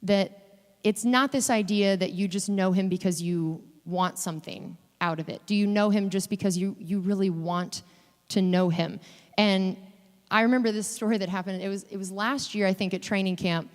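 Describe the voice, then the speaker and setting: A woman giving a guest sermon in a chatty, animated way, acting out quoted voices as she talks. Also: medium pitch, normal speed. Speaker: guest preacher. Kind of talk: conversational sermon. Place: church sanctuary. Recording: long hall reverb in a church.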